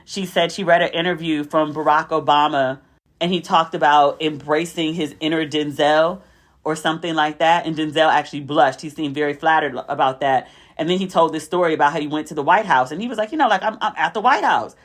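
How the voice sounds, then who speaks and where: Chatty woman host telling stories. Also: fairly quick. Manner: chatty storytelling, acting out quotes with a raised pitch. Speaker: podcast host. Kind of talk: casual chat.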